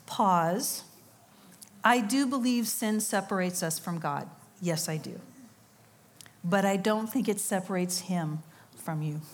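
A woman's voice: mid-range voice, takes it slowly, pauses often. A middle-aged woman giving a sermon, telling a story with quoted voices and laughing asides. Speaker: conference speaker. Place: church or conference hall.

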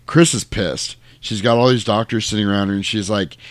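A man with a fairly low voice chats casually on a podcast, retelling a film scene by scene. He slips into the characters' lines with lively energy. The sound is dry and close. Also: fairly quick, no echo. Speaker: podcast co-host recapping a film. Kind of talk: casual chat.

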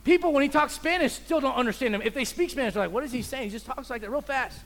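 A man preaching a sermon as pastor, telling animated stories and acting out the people in them. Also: very high-pitched, fast talker. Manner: animated storyteller, acts out people's voices. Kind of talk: sermon with storytelling.

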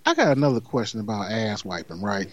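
A man's voice: on the low side, very animated, quick pace, muffled recording. A man co-hosting a podcast, rambling through stories in profane slang and laughing often. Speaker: podcast co-host. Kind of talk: casual banter.

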